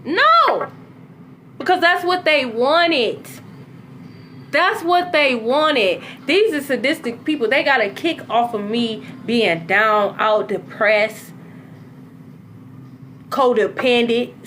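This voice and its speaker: A woman talking in a casual, animated monologue as a spiritual content creator, cursing freely and swinging between low and high tones. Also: slight background noise.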